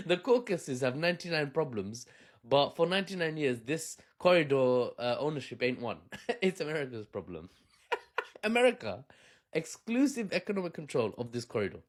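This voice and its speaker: A man's voice: a little high, sing-song, normal speed. A man hosting a casual commentary video, chatty and joking, often laughing at his own asides. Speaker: video host.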